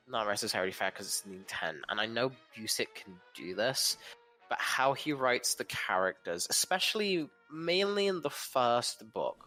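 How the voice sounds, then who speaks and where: A man with a fairly low but bright, forward voice talks over a comic book in casual podcast chat. He hedges and restarts his sentences as he weighs each point. Faint music plays underneath. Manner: thoughtful, hedging, restarts mid-sentence. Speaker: podcast co-host.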